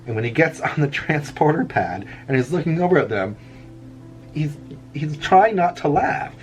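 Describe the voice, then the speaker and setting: A man's voice: a little high, big pitch swings, normal speed. Chuckling middle-aged man rambling. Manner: rambling, chuckles often at his own jokes. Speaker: vlogger. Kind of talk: casual chat while drawing. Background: faint background music.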